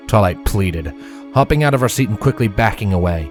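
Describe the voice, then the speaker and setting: Man narrating a story, lively and expressive. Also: fairly low pitch, a little fast, soft background music. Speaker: fanfiction reader.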